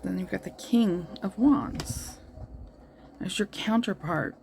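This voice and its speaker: A woman's voice: mid-range voice, takes it slowly, gravelly, a little mellow, a little hiss or hum. A woman giving a tarot reading to her viewers, earnest and reassuring, thinking aloud as she lays out the cards. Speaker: tarot reader.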